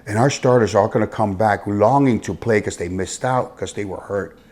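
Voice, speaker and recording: A man from Miami with a husky voice and a Miami accent, telling stories bluntly in a casual interview, swinging between loud and hushed. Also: lowish voice, a little fast. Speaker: interview guest, youth football coach. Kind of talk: casual storytelling conversation.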